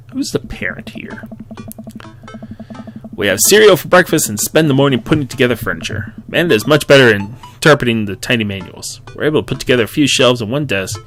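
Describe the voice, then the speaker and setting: A man's voice: mid-range voice, fairly bright tone. A man chatting wryly while reading through a dating game, with frequent asides. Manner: chatty, wry asides, laughs often. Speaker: gaming YouTuber. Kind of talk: let's-play commentary and reading.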